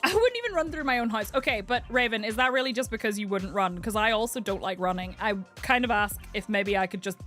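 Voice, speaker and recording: A woman's voice: medium pitch, fast talker, few pauses, faint music behind. A young adult woman streaming a game from home, chatting candidly and telling stories with a lot of laughter. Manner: chatty and candid, laughs often, animated storyteller. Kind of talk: casual chat while gaming live.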